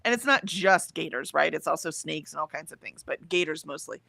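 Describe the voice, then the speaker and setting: A woman talks casually at home, chatty and quick to laugh. Her pitch moves about a lot, with a gravelly edge of fry. The sound is dry and close. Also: lively intonation, bright, forceful tone, no room sound. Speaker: co-host of a writing sprint stream. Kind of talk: casual chat.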